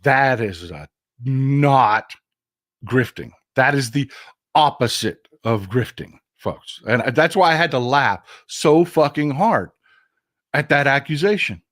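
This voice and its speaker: A man at a middle pitch rants about politics on his own show, swearing freely and calling his viewers folks. His voice sounds dry and close, with almost no room around it. He talks in a casual, animated way. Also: unhurried, no echo. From Texas. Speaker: political commentary host. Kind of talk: casual political livestream rant.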